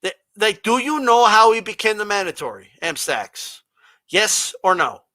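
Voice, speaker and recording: With a high voice at a moderate pace and no echo, a man hosts a boxing livestream and reads the chat. His replies are combative and confrontational, full of pointed rhetorical questions, and he mocks a flat monotone.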